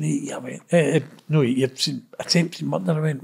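A middle-aged Glaswegian man from Scotland tells casual stories as an interview guest, his mid-range voice gravelly, husky and darkish at a moderate pace. He's blunt, sweary and rambling, often tacking on "know what I mean".

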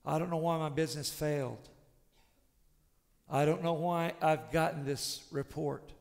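A male pastor preaching a sermon with passion, swinging between shouted declarations and hushed, intimate tones. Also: a little high, fairly even intonation, a little slow, gravelly, long reverb tail.

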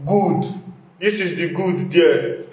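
A high-voiced Nigerian man barks questions at a class like a bossy teacher, pushing for answers over and over. His voice rings in a roomy, echoey space. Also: takes it slowly, a little mellow. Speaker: comedian playing a fake French teacher. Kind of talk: comedy skit acting. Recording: roomy echo.

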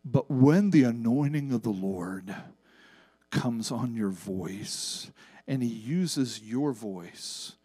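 A man pastor preaching a sermon from a church stage, with wide swings in pitch and loudness, drawn-out emphasis on key words and casual asides to the congregation. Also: expressive, breathy edge. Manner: acts out quoted voices in Bible stories, casual asides to congregation.

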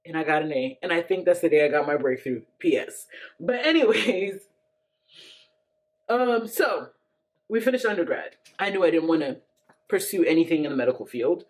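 Talking to camera at a normal speed, a thirty-something vlogger with a low-pitched voice shares a personal story. She keeps it chatty and casual, laughing often and using lots of fillers.

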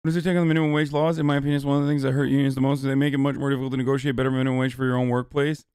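A man's voice: mid-range voice, flat delivery, racing, darkish tone, clear, resonant tone, no echo, studio quality. A young man streaming live, answering chat questions in a casual, heated, profane rant.

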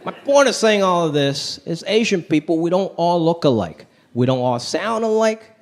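A man's voice: on the high side, expressive, normal speed. A man doing a stand-up comedy set in a theater, talking conversationally with punchy delivery and exaggerated impressions. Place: large theater with live audience. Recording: live stage recording with loud crowd. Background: audience laughter and applause.

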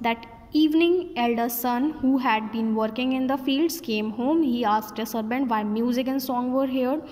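A woman teacher reads a story aloud to her class. Her reading is slow, with small slips and restarts. Her voice is slightly high and carries a long hall reverb. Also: a little mellow.

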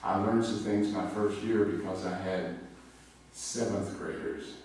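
Male pastor, low voice, chatty anecdotal sermon; distant mic in a very echoey church with faint noise. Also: fairly even intonation, measured pace, darkish tone. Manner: conversational storytelling with personal anecdotes. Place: church sanctuary.

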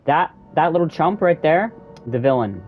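Animated young man narrating his gameplay. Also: on the high side, moderate pace. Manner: animated, swings from mumbling to yelping. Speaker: gaming YouTuber. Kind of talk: let's-play commentary. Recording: faint game music behind.

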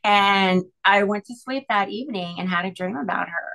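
A middle-aged woman telling an emotional personal story as an interview guest, earnest and halting, with many restarts. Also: mid-range voice, gravelly, sharp tone, rough recording. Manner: earnest, halting, full of "you know" and restarts.

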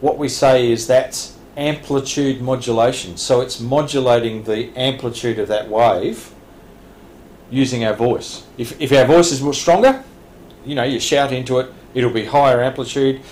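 In this classroom lecture, a man from Australia explains radio licence material plainly, often restarting and laughing a little. He speaks at a normal speed in a steady, medium-pitched, somewhat mellow voice. The training room echoes, and a faint hiss sits under the recording.

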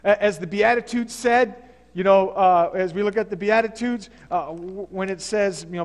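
A man's voice: high voice, moderate pace, big-room sound. A male pastor preaching a sermon in a conversational, storytelling manner. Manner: conversational preaching, fillers and restarts. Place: church sanctuary.

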